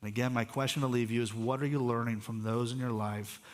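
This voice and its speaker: Conversational pastor preaching in a reverberant hall. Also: male voice, mid-range voice, fairly even intonation, fast. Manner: conversational, restarts phrases, asks the congregation questions. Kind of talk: sermon. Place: church sanctuary.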